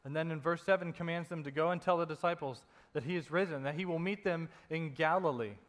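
A man preaching a sermon in a conversational way, dropping soft and low to stress a point. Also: fast talker. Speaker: pastor. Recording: long reverb in a hall.

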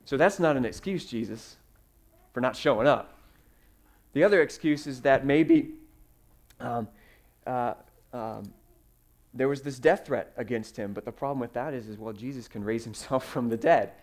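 A man preaching a sermon, telling stories with fillers and sudden swings in loudness. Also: mid-range voice, moderate pace, pauses often. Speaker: pastor.

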